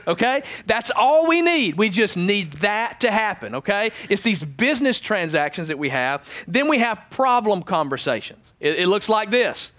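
Animated pastor preaching. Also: male voice, sits high, normal speed, hardly any pauses, no room sound. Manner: animated storytelling, voice dropping soft for prayer. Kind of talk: sermon. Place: church sanctuary.

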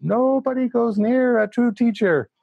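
A man's voice: very high-pitched, measured pace, creaky, no room sound, narrow, tinny audio, voice pushed up, full character voice. A grave older Indian holy man, as a speaker mimics him, pressing his point with emphatic repetition in an Indian English accent. His voice rises well above the speaker's own and takes on a strange, altered timbre, set against dry, close sound. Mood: solemn insistence. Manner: emphatic, repeating a solemn point. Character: older male Indian spiritual teacher, grave and insistent.

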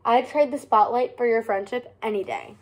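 A woman reading aloud and voicing a gentle, selfless young girl from a children's storybook, in a soft, quiet way. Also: on the high side, moderate pace.

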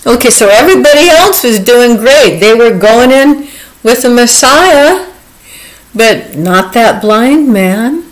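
Earnest woman retelling scripture, slow, heartfelt, chuckles often. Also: a little high, lively intonation, low-quality recording. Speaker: devotional speaker. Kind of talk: informal Bible teaching.

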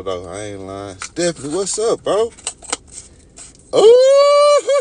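A young man with a Texas accent has just woken up and sips coffee while chatting with his livestream viewers, greeting them by name. He's laid-back, with a lowish voice and a little hiss or hum in the audio.

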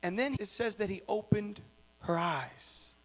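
A male preacher delivering a sermon, moving from quiet storytelling to shouted exhortation. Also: sits high, animated, measured pace, long reverb tail. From Texas.

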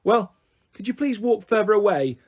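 A timid, proper young girl from a well-off home, pleading in anxious, polite phrases, as a man reads her. Her voice is pitched high with a husky grain. A storybook reading. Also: expressive, normal speed.

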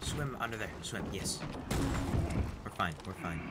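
A man giving casual gameplay commentary, excitable and chattering to his character, over noticeable background noise. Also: fairly low pitch, measured pace. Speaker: gaming channel host.

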